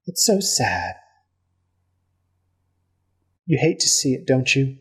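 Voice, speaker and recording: A man's voice: mid-range voice, very animated, normal speed, a bit bright, slightly rough, full character voice, poor audio. A man voicing a sly elf woman who puts on fake, syrupy grief over a ruined barn. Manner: fake sobbing, syrupy sweet.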